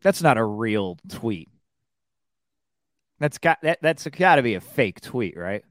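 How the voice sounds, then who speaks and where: A man's voice: medium pitch, very animated, takes it slowly, a bit bright, no echo. Chatty man on a dry close mic. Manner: laughing, chatty storyteller. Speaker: podcast co-host and sports radio host. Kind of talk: casual sports chat.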